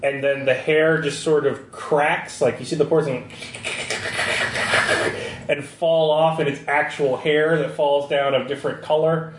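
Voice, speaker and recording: A man's voice: fairly high pitch, fairly even intonation, slight background noise. Man narrating as a game master. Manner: descriptive, halting narration. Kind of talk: narrating a tabletop horror game. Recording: roomy echo.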